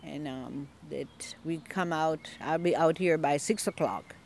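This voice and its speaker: Older woman gardener, lively storyteller acting out quoted voices, outdoor interview. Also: sits low, unhurried, a little hiss or hum. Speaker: longtime community gardener.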